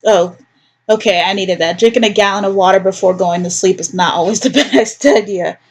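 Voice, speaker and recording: A woman's voice: mid-range voice, brisk, husky. A woman hosting a gaming video, chatting casually and joking as she plays through a story game. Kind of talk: casual let's play commentary.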